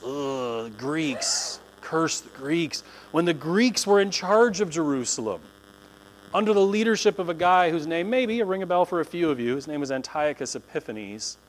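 A male pastor preaches in a chatty, animated way, breaking into quick voices for the people he talks about. His speech swoops up and down, sitting a touch high for a man. A faint electrical hum runs under the recording. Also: rough recording. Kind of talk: sermon. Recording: low mains hum.

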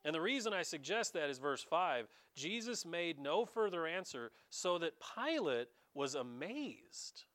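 A man preaching a conversational sermon as pastor, animated and dramatizing, talking straight to his congregation. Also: a little high, measured pace, hardly any pauses.

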